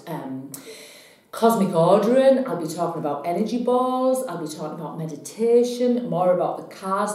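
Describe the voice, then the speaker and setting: A woman telling a personal story to camera in a chatty, animated way. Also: low voice. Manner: chatty, animated when retelling. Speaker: psychic vlogger. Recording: very echoey room.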